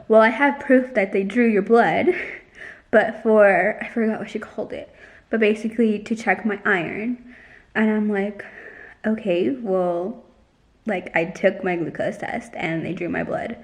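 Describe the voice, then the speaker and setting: Chatty young woman vlogger. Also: medium pitch. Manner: chatty, heavy use of "like", retells dialogue. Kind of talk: casual storytime vlog.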